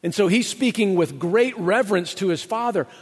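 A man preaching a sermon as pastor, animated, acting out quotes in playful voices. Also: sits high, normal speed, slightly rough, big-room sound.

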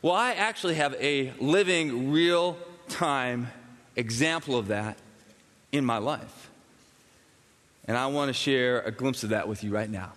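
A man preaching a sermon as pastor, animated and acting out quoted voices, then interviewing a guest. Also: medium pitch, a little slow, in a large hall.

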